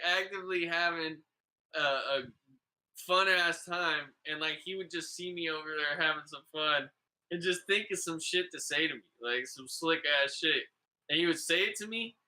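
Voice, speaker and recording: A laid-back man talking casually on a podcast, his voice slightly high and very bright with a sharp edge. He rambles through stories, swears a lot and keeps saying "bro". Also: rough recording. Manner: laid-back, profane, calls people "bro"; rambling, full of "like" and "you know". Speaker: podcast host. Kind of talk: casual storytelling chat.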